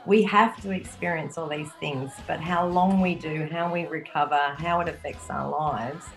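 A middle-aged woman guest in a relaxed chat, speaking in a calm, measured way with frequent pauses and fillers. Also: deep voice, rough recording. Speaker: podcast guest. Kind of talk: reflective conversational chat.

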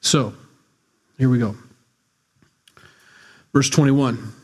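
A man's voice: mid-range voice, fairly even intonation, drawn-out words. A man preaching a sermon, reading scripture and explaining it in a blunt, conversational, teasing way. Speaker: pastor.

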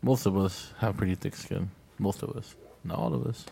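A man in his thirties with a slightly low voice, leading a laid-back podcast chat. He rambles through nostalgic stories and keeps the talk moving. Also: steady tone, moderate pace, creaky, dark tone, husky. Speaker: podcast host. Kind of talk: casual chat.

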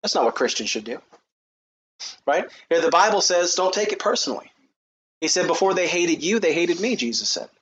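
A man preaching a sermon who reads scripture in a raised, high voice and then talks to the congregation in a casual way. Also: sing-song, a little fast, a bit bright. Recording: dull, lo-fi recording with faint noise.

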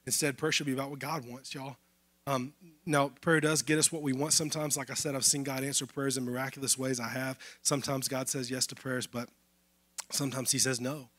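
A man's voice: medium pitch, flat delivery, brisk, fairly bright tone, no echo. A man preaching a sermon in a casual, conversational way. He is losing his voice. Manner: conversational preaching, addressing listeners as y'all. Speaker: pastor.

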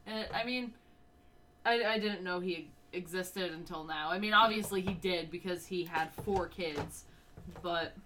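Despite having the hiccups, this young podcast co-host keeps up a chatty, rambling, unscripted conversation, laughing often. Her voice is lowish with a fairly bright tone, and a little hiss or hum sits in the audio.

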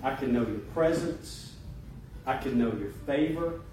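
Emphatic preacher in an echoey hall. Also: male voice, mid-range voice. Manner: emphatic preaching, quieter and slower in prayer. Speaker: pastor. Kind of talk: sermon and closing prayer. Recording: echoey hall, distant mic, noisy.

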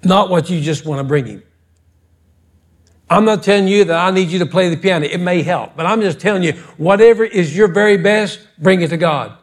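A man preaching a fervent sermon as pastor in a church, scolding his congregation and rising to loud, insistent exhortation. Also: high-pitched, brisk. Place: church sanctuary.

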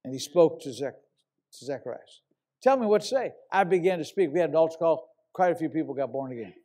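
Animated storytelling pastor, a man with a higher voice. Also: fast talker. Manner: animated storyteller, bursts into loud shouts when quoting himself. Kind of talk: sermon storytelling.

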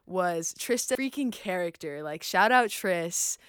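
A young woman chats on a podcast and spins a casual story, laughing easily as she goes. Her voice is smooth and clear and sits a little low. The sound is dry and close to the mic. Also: animated, measured pace, a bit bright, no room sound. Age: young adult. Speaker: podcast co-host. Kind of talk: casual chat.

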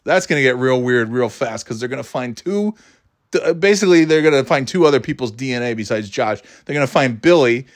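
A man delivering a profane, animated comedic rant about a movie, jumping into character voices. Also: mid-range voice, fairly quick. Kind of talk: stand-up style comedic rant.

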